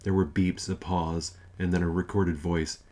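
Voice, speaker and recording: Deep-voiced man narrating a comic novel. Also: little pitch movement, normal speed, mellow. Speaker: audiobook narrator.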